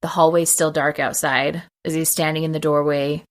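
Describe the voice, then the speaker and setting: Woman podcast host with a low voice, chatty film recap, acts out the lines. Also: moderate pace. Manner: animated retelling, acting out quotes.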